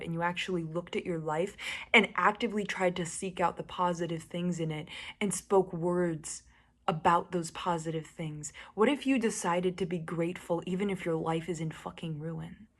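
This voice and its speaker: A woman vlogger speaking straight to camera, blunt and fiery, swearing often and swinging from hushed to emphatic. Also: fairly low pitch. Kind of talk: casual direct-to-camera monologue.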